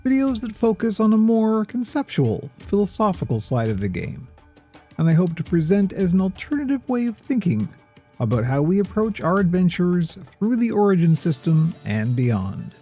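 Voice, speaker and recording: Mellow, lofty-sounding man narrating. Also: sits high, very animated, slightly rough, soft background music. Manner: measured, lofty, a little pretentious. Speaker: gaming video host. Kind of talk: scripted philosophical narration.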